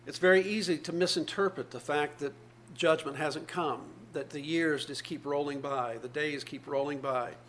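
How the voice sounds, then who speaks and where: A man's voice: a little high, fairly even intonation, normal speed, hardly any pauses, a bit bright, a little hiss or hum. A man, probably older, preaching a sermon, reading scripture aloud and explaining it earnestly with repeated phrases.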